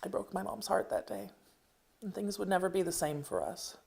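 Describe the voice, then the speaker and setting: A woman reading her own personal memoir aloud in a measured way, with occasional wry asides. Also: mid-range voice, very animated, vocal fry, mellow.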